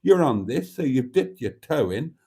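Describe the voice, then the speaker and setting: A man hosts a late-night live stream, chatting casually and reading viewer comments aloud. His voice is mellow and warm, and his pitch swoops widely. He is theatrical and fond, calling everyone darling with mock-grand flourishes. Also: sing-song, moderate pace, slightly rough.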